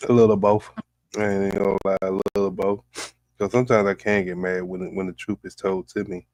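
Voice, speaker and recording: Laid-back low-voiced Southern man. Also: flat delivery, fairly quick, darkish tone, no echo, low-quality recording. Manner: laid-back, short agreeing replies. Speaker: podcast co-host. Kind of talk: casual barbershop-style chat.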